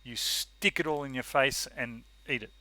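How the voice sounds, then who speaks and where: A man's voice: medium pitch, moderate pace, sharp tone, dry recording. A man with an Australian accent, co-hosting a casual live-stream chat in a rambling, chatty way over a video call. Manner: chatty, rambling, self-interrupting. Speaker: co-host.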